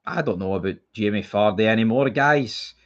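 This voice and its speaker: A man's voice: on the low side, moderate pace, lo-fi sound. Heated Scottish man ranting on stream. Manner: blunt, heated, swears freely, repeats himself. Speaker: football streamer. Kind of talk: casual live-stream chat.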